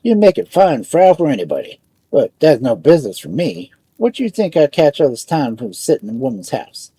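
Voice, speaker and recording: A man's voice: fairly high pitch, big pitch swings, fairly quick, mellow, breathy edge, no echo, full character voice. A man voicing a huge, good-natured male steelworker made of steel, talking in broken immigrant English with easy boasting. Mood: cheerful.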